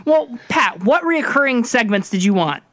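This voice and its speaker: A woman's voice: on the high side, big pitch swings, moderate pace, a crowd in the background. A woman co-hosting a podcast in casual banter, with a dry, teasing, wry manner. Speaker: podcast co-host.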